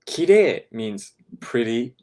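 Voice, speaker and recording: A man teaching a class, patiently breaking phrases down step by step and checking in with "right?", sometimes dropping to a soft, quiet voice. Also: mid-range voice, big pitch swings, slow pace. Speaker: language teacher. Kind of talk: explaining a lesson to a class.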